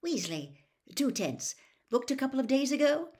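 An eager, flustered middle-aged wizard father with a bright, lifted voice, as a woman reader puts him on. He fusses and hurries over his words, keen and a bit anxious. A storybook reading. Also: sits high, very animated, normal speed, voice pushed up. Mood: nervous.

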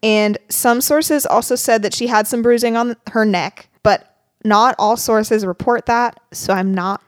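A woman's voice: fairly high pitch, a little slow, no room sound. Young woman, chatty, giggly, dry close mic. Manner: chatty, lots of fillers, giggly. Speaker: podcast co-host telling a true crime story. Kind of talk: casual chat.

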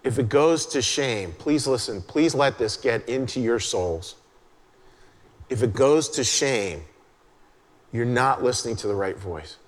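A man preaching a sermon as a pastor, chatty and conversational, dropping into a soft hush to stress a point. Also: mid-range voice, unhurried. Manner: conversational, drops to a hush for emphasis. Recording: long hall reverb.

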